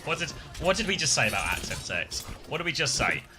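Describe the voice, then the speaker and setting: A man's voice: fairly high pitch, very animated, quick pace. Chatty male esports streamer, music behind. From southern England. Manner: chatty, laughs often, answers chat. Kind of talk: casual live co-stream commentary.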